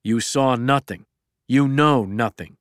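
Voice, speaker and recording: A man voicing a tough Brooklyn mobster with a Brooklyn accent, speaking low and clipped in a storybook reading. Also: slow pace, dry recording, clean studio sound, natural voice. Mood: menacing.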